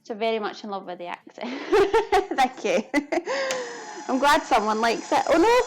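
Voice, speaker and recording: A woman's voice: fairly high pitch, big pitch swings, moderate pace. A woman with a Glasgow-area Scottish accent, chatting casually while cooking and reading comments, laughing often at herself. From Scotland. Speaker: live cooking streamer.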